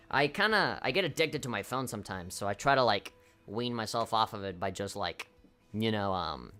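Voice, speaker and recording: A man's voice: medium pitch, pushed and bright, clear, resonant tone. Laid-back swearing male streamer. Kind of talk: casual live-stream chat. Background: game music.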